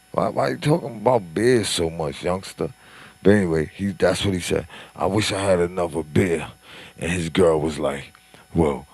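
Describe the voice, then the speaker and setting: A man delivers a casual commentary monologue. He is profane and animated, and he keeps building into indignant, mocking rants. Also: sits low.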